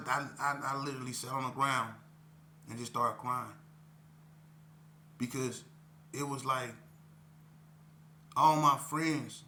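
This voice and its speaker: A man's voice: mid-range voice, bright, forceful tone, a little hiss or hum. A middle-aged man from Las Vegas telling his own life story in an earnest, rambling way, often breaking in with "you know what I'm saying.". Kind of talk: casual street storytelling.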